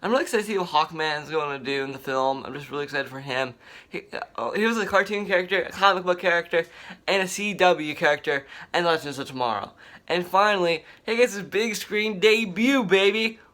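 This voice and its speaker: A young man rambling excitedly in casual fan commentary, repeating himself often. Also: sits high, fairly quick. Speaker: vlogger.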